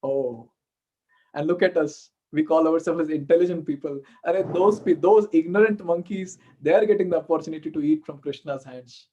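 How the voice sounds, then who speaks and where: A man with an Indian accent, a temple speaker giving an animated devotional storytelling talk and acting out the characters. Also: on the high side, normal speed, dull audio.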